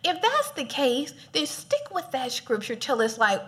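Female preacher, high and very expressive, casual and funny. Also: a little slow, a little hiss or hum. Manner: animated, playful, laughs often. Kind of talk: casual sermon.

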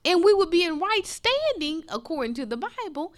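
Impassioned woman preacher, lively pitch. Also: moderate pace, few pauses. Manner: impassioned, swings from loud to hushed. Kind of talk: sermon.

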